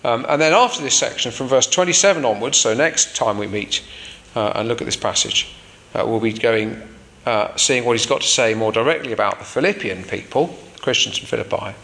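A man's voice: mid-range voice, a little fast, gravelly, pushed and bright, in a large hall. A man preaching a sermon in an informal, explanatory way with frequent fillers.

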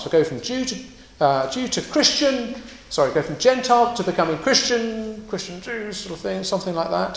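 A man preaching a sermon in a conversational, animated way, slipping into quoted voices and asides. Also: sits high, moderate pace, reverberant, rough recording.

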